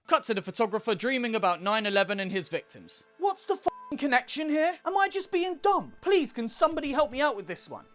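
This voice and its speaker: A man's voice: sits high, a bit bright. A man narrating a film recap with sardonic, profane asides. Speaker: film reviewer.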